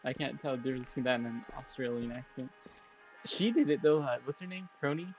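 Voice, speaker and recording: A streamer giving casual gameplay commentary in a rambling, offhand way, as if chatting to himself. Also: male voice, mid-range voice, fast talker, soft background music. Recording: dull lo-fi audio.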